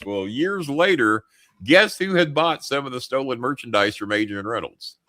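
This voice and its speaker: An older male show host with a mid-range, sharp-toned voice and lively intonation tells rambling, profane comic stories at a moderate pace. He swears freely and laughs mid-sentence, and the recording is dry and studio quality.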